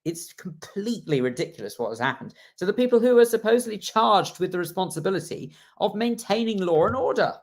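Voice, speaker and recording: A man's voice: high-pitched, animated, fairly quick, few pauses. A man co-hosting a radio talk show, ranting with emphasis and correcting himself as he goes. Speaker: radio co-host.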